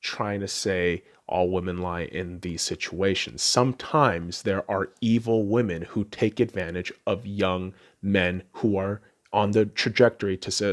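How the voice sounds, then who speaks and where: Excitable young man ranting about sports. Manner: excitable, swings from low mutters to loud outbursts. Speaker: podcast host. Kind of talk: profane sports rant.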